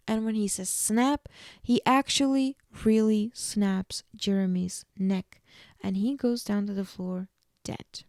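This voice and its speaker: A young woman hosting a podcast, recapping a TV episode in a loose, chatty way full of fillers. Her voice is mellow with a gravelly fry and a middle pitch, recorded dry and close. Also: fairly even intonation, slow pace, dry recording. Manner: chatty, full of "like" and "you know". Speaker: podcast host.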